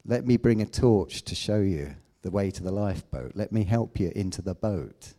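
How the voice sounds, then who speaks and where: Man, sermon, low-pitched, lively intonation, emphatic preaching. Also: moderate pace. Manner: emphatic, rises to loud declamation then drops to asides.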